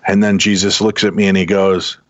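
Low-voiced man spinning a long yarn. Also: fairly quick, dry recording. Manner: animated anecdotal, voices quoted people. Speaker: podcast guest telling a story. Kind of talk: casual storytelling. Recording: dull, dry close sound.

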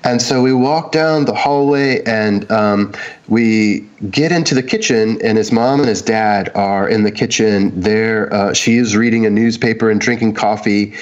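A man's voice: lowish voice, unhurried, muffled recording. A man casually telling a personal story, meandering with lots of ums and likes and acting out the quotes. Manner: meandering, many "um"s and "like"s, acts out quotes. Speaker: guest sharing a personal story.

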